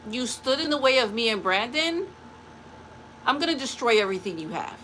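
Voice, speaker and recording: A woman's voice: on the high side, sing-song, brisk, bright, forceful tone, slight background noise, poor audio. A woman talking to camera in a spiritual vlog, taunting an unnamed rival and then chatting in a rambling way. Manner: rambling with restarts and laughs. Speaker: vlogger.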